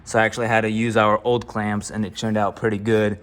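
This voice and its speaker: A man's voice: fairly low pitch, flat delivery, brisk, background noise. Casual man narrating a car build. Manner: casual, enthusiastic, explains steps as he works. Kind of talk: casual garage vlog narration. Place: garage, working on a car. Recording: background music playing.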